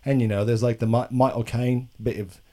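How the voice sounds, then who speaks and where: A man in casual conversation, animated and joking, asking long rambling questions. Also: medium pitch, a little fast. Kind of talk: casual chat.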